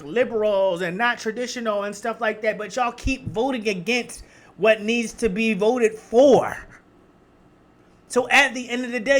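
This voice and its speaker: Male reaction vlogger, Philly accent, light high voice, chatty and emphatic. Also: a bit bright. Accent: Philadelphia. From Philadelphia. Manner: chatty and emphatic, addressing viewers as y'all. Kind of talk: casual reaction review.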